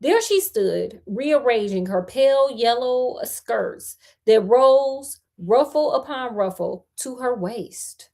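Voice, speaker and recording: A woman's voice: a little high, animated, takes it slowly, few pauses, warm tone. A woman reading a ghost story aloud, chatty, breaking off for playful slangy asides.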